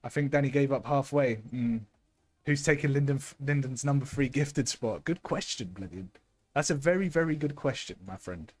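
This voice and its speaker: A young man gives live esports commentary, excitable and loud as he shouts out thanks to his viewers. His voice sits at an ordinary middle pitch, and it is going a little hoarse from all the shouting. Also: moderate pace. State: losing his voice. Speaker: streamer and match caster.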